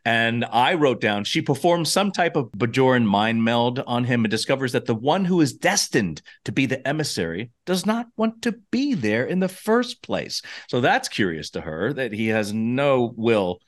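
A middle-aged man co-hosting a podcast, recapping an episode in casual chat and acting out lines in quick little voices. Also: medium pitch, sing-song. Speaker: podcast co-host.

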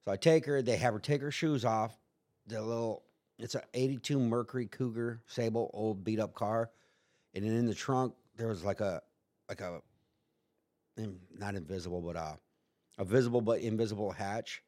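A man's voice: lowish voice, normal speed, darkish tone. A man telling a story in casual chat, rambling and profane, acting out quotes in put-on voices. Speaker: guest.

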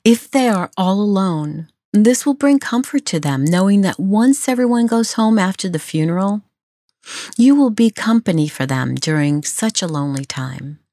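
A woman hosting a podcast, giving advice in a gentle, compassionate way. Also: medium pitch, lively intonation, moderate pace, no room sound, clean studio sound. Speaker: podcast host. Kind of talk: scripted advice talk.

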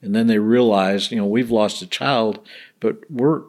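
A man's voice: on the low side, fairly even intonation, moderate pace, a little mellow. A middle-aged man, a bereaved father telling earnest stories in a casual interview and acting out the people he quotes. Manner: earnest, acts out quoted voices.

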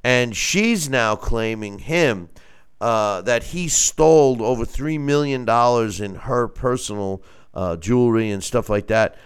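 A man hosting a casual sports talk show, speaking animatedly and wryly, with halting fillers. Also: mid-range voice, clean tone. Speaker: host. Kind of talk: casual sports radio chat.

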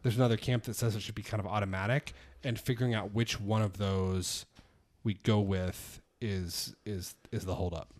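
A man with a somewhat low voice walks through legislative details in a loose, chatty way. He leans on fillers while he thinks and keeps a wry tone. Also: fairly even intonation, normal speed. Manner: explaining, hedging with "like" and "um", wry. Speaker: podcast co-host. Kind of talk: casual policy chat.

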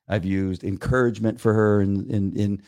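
A middle-aged man co-hosting a casual chat podcast, talking in a rambling way with many restarts and repeated words, and getting animated when he quotes others. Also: on the low side, normal speed, dry recording, clean studio sound. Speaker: podcast co-host.

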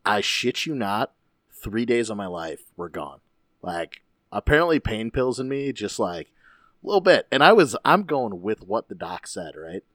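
A man's voice: on the low side, big pitch swings, normal speed, a bit bright, no room sound, clean studio sound. A man in casual chat, laid-back, profane and joking.

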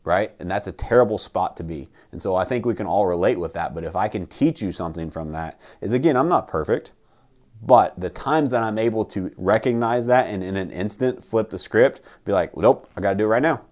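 A man's voice: fairly low pitch, animated, a little fast, darkish tone. A man hosting a casual motivational talk, emphatic and blunt, who swears and keeps asking "right?".

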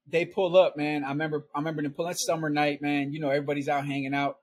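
A middle-aged man appears as a podcast guest, spinning a long, rambling story in casual chat, laughing a lot and adding "right?" and "man" to his lines. His voice is on the high side, delivered flat and rapid-fire, with slight background noise.

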